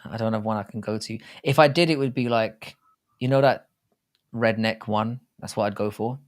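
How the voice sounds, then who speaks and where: An English man co-hosts a casual live stream, rambling chattily and often restarting his sentences. His voice is on the low side, and he speaks at a moderate pace.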